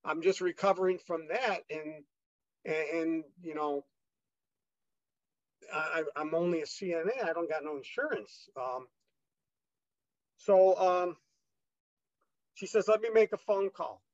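A man guest with a fairly high voice tells his story in a casual, rambling way, stumbling over restarts and acting out what others said. The recording sounds dull and lo-fi, close and without room echo. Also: slow, long pauses. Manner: rambling, many fillers and restarts, re-enacts dialogue.

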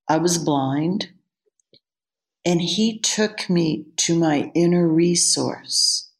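A woman's voice: fairly low pitch, very slow. A woman, a yoga teacher, telling a candid personal story as an interview guest. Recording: roomy echo.

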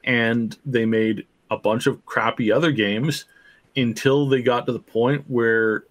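Animated man spinning a theory. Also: medium pitch, measured pace. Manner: animated, talks himself into theories. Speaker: podcast co-host. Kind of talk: casual podcast chat.

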